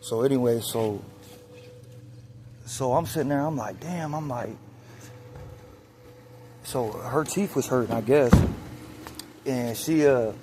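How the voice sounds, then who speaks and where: A man telling a personal story casually, outdoors on his phone, animated and profane, acting out the scenes as he goes. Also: medium pitch, takes it slowly, long pauses, background noise. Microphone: phone or camera.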